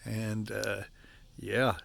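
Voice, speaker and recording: Older Appalachian man, winded and gravel-voiced, giving a friendly outdoor vlog tour. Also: on the low side, little pitch movement, extremely slow, fairly bright tone. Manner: folksy, chatty, keeps calling out "folks". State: out of breath from physical work. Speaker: vlogger, campground owner. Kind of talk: casual walk-and-talk vlog. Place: outdoors at a wooded campground.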